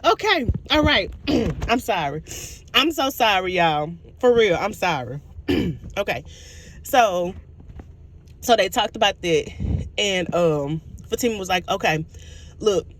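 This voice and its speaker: A woman recapping a TV episode in a casual vlog, animated and storytelling, laughing often and apologizing for it. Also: mid-range voice, takes it slowly, pauses often, slight background noise. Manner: giggly, keeps laughing and apologizing; animated storytelling, acts out quotes. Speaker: TV show reviewer.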